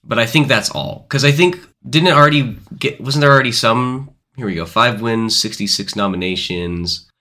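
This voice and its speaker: A man's voice: mid-range voice, normal speed, few pauses, bright, forceful tone. A man co-hosting a casual movie review podcast, rambling and correcting himself as he goes. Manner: rambling, self-correcting, hedging. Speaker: podcast co-host.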